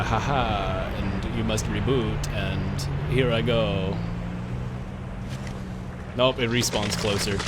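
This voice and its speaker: A man's voice: mid-range voice, noisy background. Swearing, frustrated gamer man. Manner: frustrated, swearing, laughing rants. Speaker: streamer. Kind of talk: live gaming commentary. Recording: game music playing behind.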